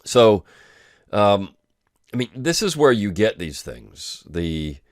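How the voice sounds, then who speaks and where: Deep-voiced man in dry casual commentary. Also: sing-song, slow pace, dry recording. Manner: loose and conversational, with frequent ums and restarts. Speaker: host of a weekly review podcast.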